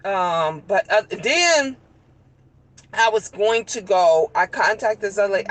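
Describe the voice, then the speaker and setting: A woman's voice: mid-range voice, animated, a little slow, rough recording. A middle-aged woman vlogging in casual chat from a car, telling stories in a rambling, emphatic way with many restarts.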